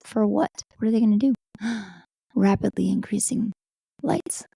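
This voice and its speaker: A woman's voice: mid-range voice, unhurried, vocal fry, husky, no room sound. Dry-sounding woman podcast co-host. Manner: animated, reacting aloud to scenes. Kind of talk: casual movie commentary chat.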